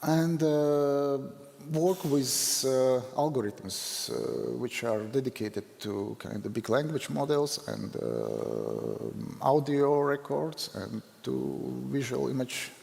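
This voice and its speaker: A Latvian man with a Latvian accent, speaking in halting, self-deprecating English with many fillers as a photographer giving a conference talk. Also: mid-range voice, very animated, gravelly, darkish tone. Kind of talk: unscripted conference presentation. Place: large hall. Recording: long hall reverb.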